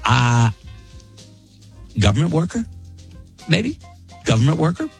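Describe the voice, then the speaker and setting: Animated joking male radio host. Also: fairly high pitch, takes it slowly, gravelly, faint music behind. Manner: animated, joking, laughs often. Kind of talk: casual on-air banter reading listener emails.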